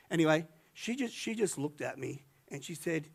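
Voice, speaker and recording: An older man, a retired pastor, telling a story in a sermon in a chatty, animated way with many restarts. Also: fairly high pitch, normal speed, few pauses.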